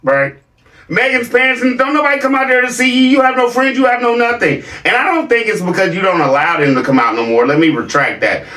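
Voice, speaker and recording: A man's voice: very high voice, lively intonation, fast, bright, forceful tone, roomy sound, distant mic. A man hosting a reaction video, mocking a clip with sarcastic commentary and repeated catchphrases.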